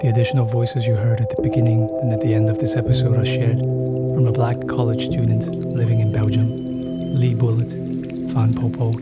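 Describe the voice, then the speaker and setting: A man reading a podcast outro with credits in a calm, measured way. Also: mid-range voice. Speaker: podcast host. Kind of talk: scripted outro narration. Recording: faint music underneath.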